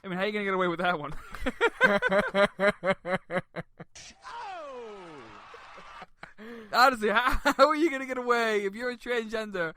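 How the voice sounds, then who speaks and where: High, bright-voiced man joking on radio. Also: racing, hardly any pauses, clean tone, dry recording. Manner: jokey, laughs often, riffs loudly. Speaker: radio show co-host. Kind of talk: comedic radio banter.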